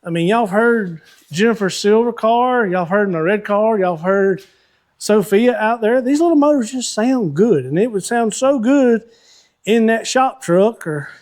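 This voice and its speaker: High-voiced man in his shop. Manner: chatty, folksy, thinks out loud while working. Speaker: host of a car-building channel. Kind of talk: casual shop vlog talk to viewers.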